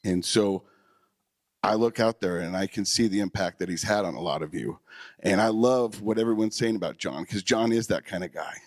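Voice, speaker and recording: A man's voice: lowish voice, normal speed, pauses often, no room sound, clean studio sound. A man speaking at a memorial, telling personal stories in an emotional, heartfelt way with occasional fillers. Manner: emotional, warm storytelling with fillers.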